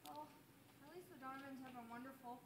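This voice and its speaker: A woman's voice: high-pitched, fast, fairly bright tone. A teenage girl playing a restless young orphan girl on a church stage. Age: teens. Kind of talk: live stage acting. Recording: audience noise around.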